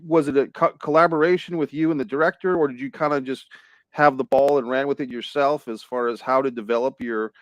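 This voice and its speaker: A man co-hosting a podcast on a video call, asking questions in a halting way as he searches for words. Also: mid-range voice, steady tone, no echo. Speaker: podcast co-host. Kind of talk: casual podcast chat.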